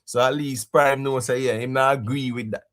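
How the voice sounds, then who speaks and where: A young adult Jamaican man hosting a casual live stream, laughing often and giving shout-outs to viewers in patois. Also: medium pitch, fairly even intonation, a little fast.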